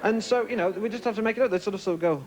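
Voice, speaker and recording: A young man doing a stand-up routine, telling a story in an animated way and slipping into silly voices. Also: high voice, racing. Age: young adult. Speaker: stand-up comedian. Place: comedy club stage. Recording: live club with loud crowd noise.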